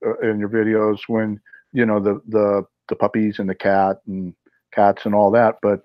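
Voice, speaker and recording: A man hosting a chat show, talking haltingly with many fillers and restarts. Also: fairly low pitch, flat delivery, dry recording. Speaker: host. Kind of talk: casual chat. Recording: dry, dull lo-fi sound.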